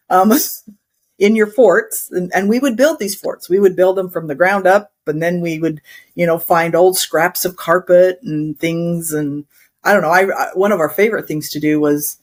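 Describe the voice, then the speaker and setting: A woman's voice: fairly low pitch, normal speed. A middle-aged woman from Wyoming, an interview guest chatting and rambling through childhood stories with frequent laughter. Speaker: interview guest, instructional designer. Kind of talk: casual storytelling in conversation.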